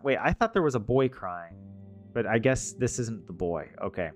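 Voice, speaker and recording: A man's voice: on the low side, lively intonation, a little slow, pauses often, faint music behind. A man casually playing a text game, reading its narration aloud and joking about the text as he goes. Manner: joking, chatty, questions the text as he reads. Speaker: gaming video host.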